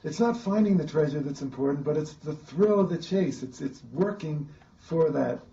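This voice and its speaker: A man's voice: on the high side, animated, normal speed, mellow. A man interviewing, speaking in an earnest, admiring way. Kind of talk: interview remarks. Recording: distant, dull interview audio.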